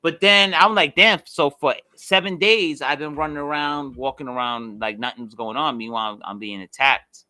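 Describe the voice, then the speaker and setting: A man's voice: mid-range voice, moderate pace, few pauses, pushed and bright, no echo. A man co-hosting a casual podcast, telling stories with lots of swearing and acting out the voices of people he quotes. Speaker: podcast co-host. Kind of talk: casual chat.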